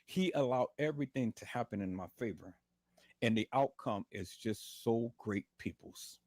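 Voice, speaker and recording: Man hosting a livestream from his bed, hurting, preaching thanks in a husky, dry, close-miked voice. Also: mid-range voice, normal speed, a little mellow, dry recording. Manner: fervent, repetitive, calls viewers "peoples". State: in pain, lying in bed. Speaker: livestream host. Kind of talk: preachy testimony to viewers.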